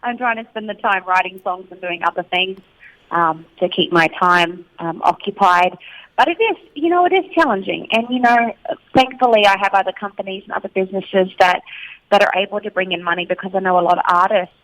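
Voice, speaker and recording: A woman's voice: mid-range voice, a little fast, a bit bright, low-quality recording. A woman from Australia with a slightly Americanized Australian accent, chatting casually as an interview guest and laughing often. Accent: Australian, partly Americanized. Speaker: country singer guest.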